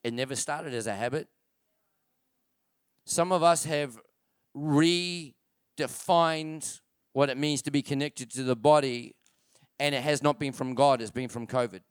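A man's voice: mid-range voice, a little slow, pauses often, smooth, no echo, clean studio sound. A man preaching a sermon as a pastor. He drives his points home by repeating phrases and putting rhetorical questions to the congregation. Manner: emphatic preaching, repeats key phrases for stress. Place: church.

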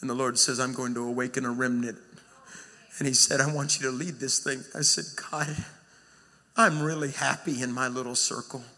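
A man preaching a revival sermon, moving from hushed storytelling to shouted, sing-song exhortation. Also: medium pitch, steady tone, moderate pace, long reverb tail.

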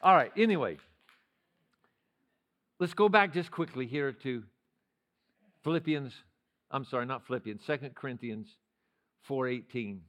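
An older male pastor preaching a sermon in a church, swinging from loud shouted passages to quiet, conversational storytelling. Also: medium pitch, a little slow, long pauses. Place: church sanctuary.

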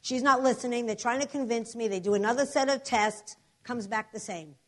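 Animated woman preaching a testimony. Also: fairly high pitch, brisk. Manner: animated storytelling, acts out voices. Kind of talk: sermon testimony.

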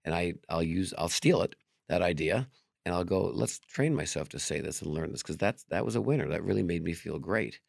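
A deep, gravelly male voice that rushes through anecdotes at a quick clip. He is a comedian and magician chatting candidly as an interview guest, swearing freely and putting on the voices of the people in his stories. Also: no room sound, clean studio sound. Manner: animated storyteller who acts out quoted dialogue. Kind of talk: casual interview talk.

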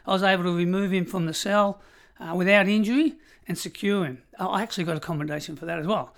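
A middle-aged Australian man, a former prison officer, telling stories in an interview in an emphatic, measured way. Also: high-pitched, creaky. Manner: emphatic, measured storytelling, colloquial. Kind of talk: storytelling interview.

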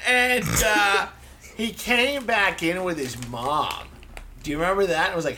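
A man chatting casually with a friend, telling animated, teasing stories. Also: high-pitched, a little slow, a little hiss or hum. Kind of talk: casual chat.

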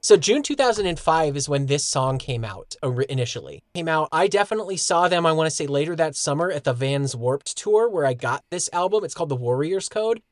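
A man co-hosting a podcast in casual chat, relaxed and earnest, swearing casually. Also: a little high, fairly quick, hardly any pauses, no room sound, clean studio sound. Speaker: podcast co-host.

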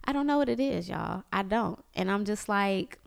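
A woman in her thirties talking casually to her viewers about parenting, animated and chatty, often slipping into voices of her family. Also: medium pitch, normal speed, creaky. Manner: chatty and animated, mimics family members, lots of "like". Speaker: parenting vlogger. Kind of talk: casual confessional chat.

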